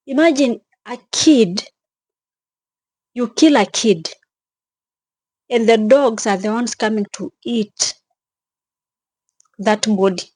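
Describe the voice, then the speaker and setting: A young woman vlogging with emotion, speaking in a halting way, repeating herself and sounding tearful and shaken. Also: fairly high pitch, darkish tone, slightly rough, no room sound. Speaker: travel vlogger. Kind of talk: emotional vlog narration.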